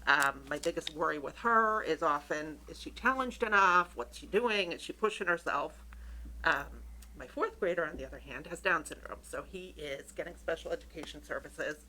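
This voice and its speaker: Eager low-voiced woman introducing herself. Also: animated, pushed and bright, slight background noise, low-quality recording. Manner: quick, eager, a little nervous. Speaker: school committee candidate, parent. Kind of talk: prepared self-introduction at a public meeting. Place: town meeting room.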